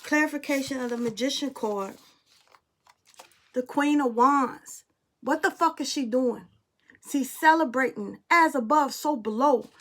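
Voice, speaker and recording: A woman's voice: sits high, measured pace. A woman reading tarot and telling a spiritual story in a casual, blunt, emphatic way, swearing freely. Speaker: tarot reader and medium.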